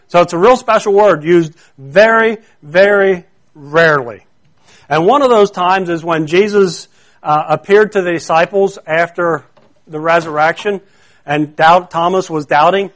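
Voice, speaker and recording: Earnest high-voiced male preacher. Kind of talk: sermon.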